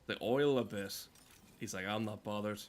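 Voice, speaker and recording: A man's voice: lowish voice, normal speed. A man giving casual, sardonic, sweary commentary over a video game he is playing. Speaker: gaming streamer.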